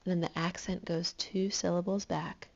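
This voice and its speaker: A woman's voice: fairly low pitch, flat delivery, normal speed, gravelly, lo-fi sound. A woman teaching a recorded Spanish lesson to her students, patient and explanatory, counting syllables aloud.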